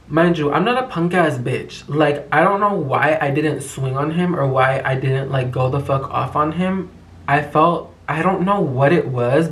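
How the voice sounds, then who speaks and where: A man's voice: mid-range voice, fairly bright tone. Young man telling a profane story in an echoey room. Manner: profane, slangy, rambling storytelling. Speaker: vlogger. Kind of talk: casual storytime vlog.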